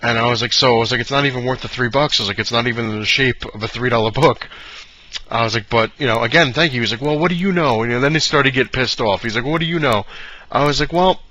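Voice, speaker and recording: Young male vlogger, talks fast, rambling storyteller, muffled lo-fi sound. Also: medium pitch, bright, forceful tone. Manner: chatty storyteller who keeps repeating "I was like". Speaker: comic collector vlogger. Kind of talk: rambling anecdote to camera. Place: home with pets around. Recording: dull lo-fi recording.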